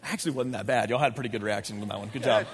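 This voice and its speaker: A young man telling a lively story to a live audience, talking with the crowd and sometimes shouting. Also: lowish voice, very fast. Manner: animated, talks with the crowd, shouts at times. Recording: echoey large hall.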